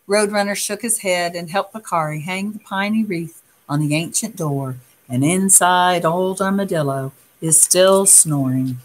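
A woman reading a picture book aloud in a soft, unhurried way, pausing to comment on the pictures. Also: fairly low pitch. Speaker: storyteller.

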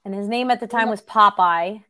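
A middle-aged woman hosting a podcast, telling a story in an animated, chatty way and laughing often. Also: medium pitch, moderate pace. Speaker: podcast host. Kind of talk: casual conversation.

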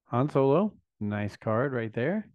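In a very animated but slow-going manner, a man in his fifties with a medium pitch chats excitedly through an unboxing vlog, musing aloud along the way. There's no echo; the sound is dry, lo-fi and a touch dull.

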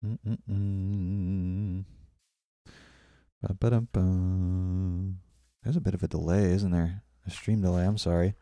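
A man's voice: sits low, steady tone, fast talker, vocal fry, few pauses, mellow, no room sound. A young man streaming a game, chatting casually with viewers and often apologizing. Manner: chatty, apologetic, reads chat aloud. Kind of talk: casual live-stream chat while building.

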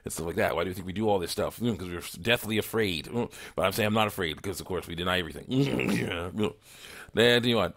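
Male host, lowish pitch, forceful tone; casual rambling commentary, frequent chuckles. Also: fast. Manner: chuckling often, filler-heavy, rambling. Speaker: online ministry host. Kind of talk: casual commentary reading chat messages.

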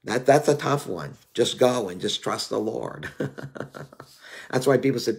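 A man's voice: mid-range voice, unhurried, gravelly. A man in his fifties preaches earnestly and confessionally. He tells his own story with frequent "you know"s while he searches for words. His voice sits in an ordinary middle range. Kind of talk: sermon.

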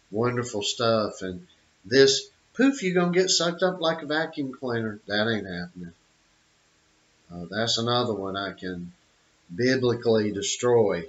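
A man's voice: fairly low pitch, a bit bright. A middle-aged man giving an opinionated monologue, emphatic, with repeated phrases and many fillers. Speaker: channel host. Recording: dull lo-fi audio.

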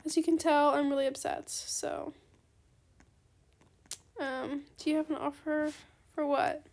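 A woman hosting a casual gaming video, chatty and excitable, politely turning down trade offers as she plays. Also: high-pitched, a little slow. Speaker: gaming channel host. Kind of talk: casual gameplay commentary.

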